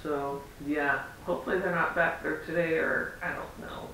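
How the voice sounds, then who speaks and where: Man, rambling casual vlog chat, bright edgy tone, far from the mic. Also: fairly even intonation, moderate pace. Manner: chatty, rambling, acts out quoted exchanges. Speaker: parent vlogger. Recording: roomy echo, far from mic, faint rumble.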